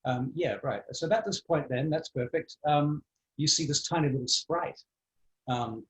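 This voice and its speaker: A man's voice: on the high side, unhurried, rough recording. A man running a tabletop game as dungeon master, narrating and thinking aloud with many fillers.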